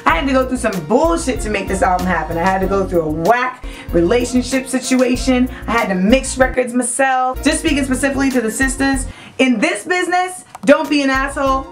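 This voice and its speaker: A young adult woman hosting a web show, giving brash, profane, animated comedic commentary. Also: fairly high pitch.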